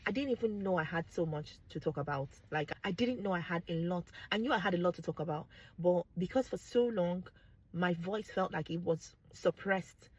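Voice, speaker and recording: Young adult Nigerian woman, husky voice, frank and animated direct-to-camera talk. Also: lowish voice, normal speed, rough recording. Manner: animated, exclaims and laughs, drops into pidgin. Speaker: vlogger.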